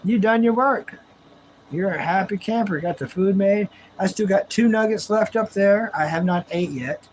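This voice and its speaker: A man's voice: high-pitched, moderate pace, slight background noise, low-quality recording. A man hosting a livestream from home, chatting casually with viewers in a laid-back, drawling way and laughing often. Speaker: livestream host. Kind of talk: casual chat with live viewers.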